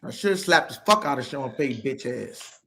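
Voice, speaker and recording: A man co-hosting a casual sports podcast, talking in an animated, heated and profane way. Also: medium pitch, fairly quick, a little hiss or hum. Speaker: podcast co-host.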